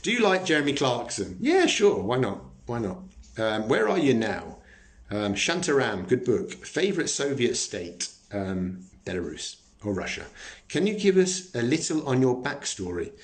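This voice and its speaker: A man's voice: medium pitch, very animated, normal speed. A man hosting a live stream, chatting casually, joking and swearing as he answers viewer comments.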